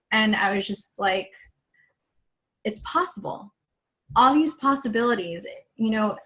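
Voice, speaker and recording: In a mid-range, slightly bright voice, a young woman recounts her experience as an online fitness coach on a live video. Her manner is earnest and chatty, and she acts out her own remarks from back then.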